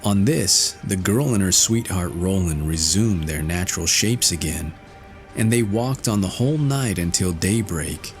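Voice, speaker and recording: A man narrating a fairy tale in a slow, expressive storytelling manner. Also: soft background music. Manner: slow, expressive storytelling with wide pitch swings. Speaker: audiobook narrator.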